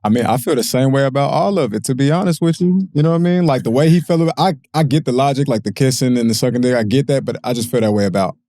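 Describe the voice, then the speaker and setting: A man's voice: mid-range voice, fast, hardly any pauses, mellow, no echo, clean studio sound. A man on the podcast crew giving his plain-spoken, laid-back take. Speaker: producer on the show. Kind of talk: casual chat.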